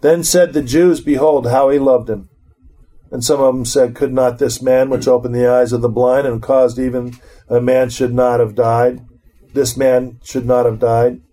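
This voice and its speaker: A middle-aged man leads a relaxed Bible study. He reads scripture aloud, then breaks off to talk it over with his listeners in an easy, chatty way. His voice sits at an ordinary middle pitch. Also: normal speed. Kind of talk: informal Bible teaching.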